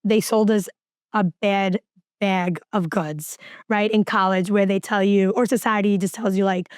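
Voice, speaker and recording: A woman's voice: medium pitch, steady tone, unhurried, smooth, no echo, studio quality. A woman hosting a podcast, speaking in a casual chat, making her points emphatically and building her argument step by step. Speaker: podcast host.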